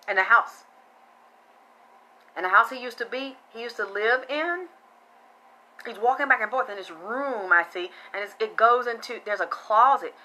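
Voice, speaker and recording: A woman's voice: on the high side, a bit bright, slight background noise, rough recording. A woman hosting a casual live-streamed psychic reading, chatting bluntly, swearing freely and thanking viewers by name.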